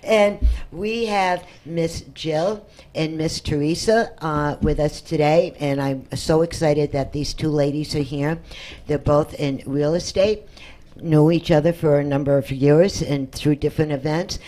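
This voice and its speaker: A woman's voice: sits low, steady tone, unhurried, warm tone. Bubbly woman radio show host. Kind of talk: casual radio talk show chat.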